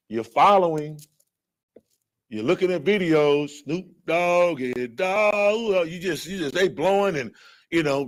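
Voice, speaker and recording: Blunt, animated male scripture teacher. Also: a little high. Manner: animated, blunt, acts out other people's voices. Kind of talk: fiery street-style Bible lesson.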